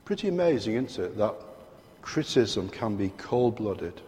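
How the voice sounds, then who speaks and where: British preacher in a reverberant hall. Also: male voice, lowish voice, very animated, normal speed, a little mellow. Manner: emphatic, rhetorical questions to the congregation. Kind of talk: sermon. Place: large church hall.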